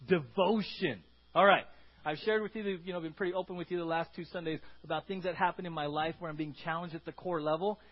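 A man with a high voice preaches a sermon with animated energy. He keeps it conversational and repeats words as he goes. The church recording is dull and lo-fi. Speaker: pastor.

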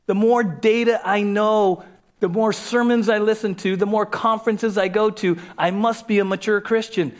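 Pastor preaching in a conversational way. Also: male voice, high voice, fairly even intonation, normal speed. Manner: conversational, repeats key phrases, acts out quoted voices. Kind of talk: sermon.

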